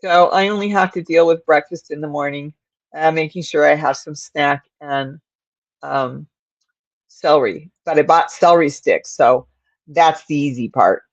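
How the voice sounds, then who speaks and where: Woman, stuffy nose, sleepy, rambling livestream host, slow talk, dull dry home audio. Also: low-pitched, dry recording. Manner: rambling, talks to her cat and viewers. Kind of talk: casual livestream chat.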